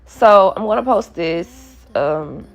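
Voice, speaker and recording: Soft music plays behind a woman in her twenties as she hosts her own podcast, slow-paced and expressive in a mid-range voice. Playful and chatty, she riffs on things and laughs while talking.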